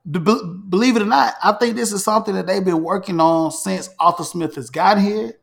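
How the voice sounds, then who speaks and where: A man hosting a casual sports talk show, animated, repeating himself and restarting phrases as he makes predictions. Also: high voice, brisk, vocal fry. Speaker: podcast host.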